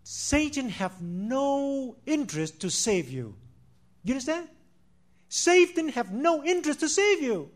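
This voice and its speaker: A man preaching a sermon, swinging between loud declarations and hushed asides, repeating phrases and calling listeners "my friend.". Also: very high voice, very animated, measured pace.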